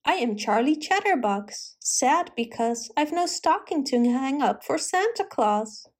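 A woman's voice: high-pitched, lively intonation, unhurried. A woman voicing a sad little male monkey who speaks in rhyme. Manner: rhyming.

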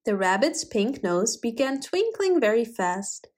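Woman gently reading a children's story. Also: fairly high pitch, big pitch swings, measured pace. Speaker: narrator.

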